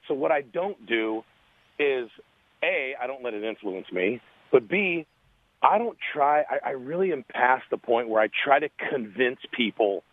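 A man, a radio interview guest, telling a story in an earnest, animated way over a phone line. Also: mid-range voice, husky, no echo.

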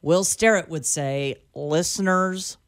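A woman's voice: on the low side, slow. A woman co-hosting a call-in talk radio show, joking playfully with callers. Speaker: radio co-host.

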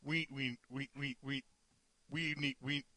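A man's voice: mid-range voice, steady tone, slow pace, pushed and bright, no room sound. A man co-hosting a sports talk show, rambling casually and stammering through many restarts. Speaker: co-host. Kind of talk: sports betting radio chat.

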